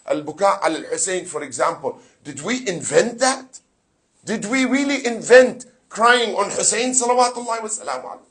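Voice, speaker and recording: Fervent preacher with a husky high voice. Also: male voice, lively intonation, normal speed, fairly bright tone. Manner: fervent, rhetorical questions, mixes in Arabic phrases and Quran recitation. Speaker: sheikh giving a Muharram lecture. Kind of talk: sermon.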